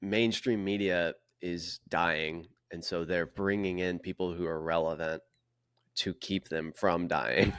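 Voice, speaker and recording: A man co-hosting a casual podcast, giving his opinions and clearing his throat now and then. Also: low voice, fairly even intonation, slow pace, fairly bright tone, no room sound, studio quality. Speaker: podcast co-host.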